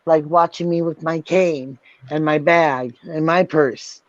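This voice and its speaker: On her livestream, this woman host vents in an angry, profane tirade that keeps circling back on itself. She speaks slowly in a low-pitched, steady voice. The sound is lo-fi, dull and dry, with no echo at all.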